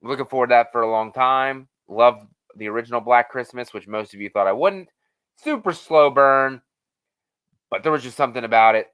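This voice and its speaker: A man's voice: medium pitch, fairly quick, clean tone. A man hosting a casual live-stream Q&A, rambling and swearing freely as he reads the chat. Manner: rambling, profane, animated.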